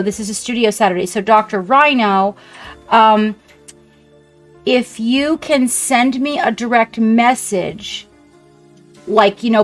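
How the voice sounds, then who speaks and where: A woman streamer chatting casually and warmly with her viewers, gushing and rambling as she paints. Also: fairly high pitch. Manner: chatty, effusive, talks to chat. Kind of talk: casual live-stream chat.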